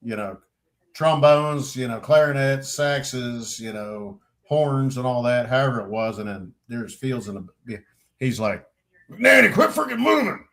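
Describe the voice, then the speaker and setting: A man's voice: mid-range voice, a little slow. A middle-aged man telling service stories in a casual podcast chat, rambling and swearing freely as he acts out what others said. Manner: animated storyteller who swears freely and acts out what people said; rambling, with frequent restarts and "you know". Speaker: podcast crew member.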